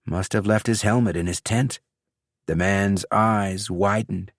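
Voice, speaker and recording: Slow, low-voiced male storyteller. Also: no echo, clean studio sound. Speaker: audiobook narrator. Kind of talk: scripted narration.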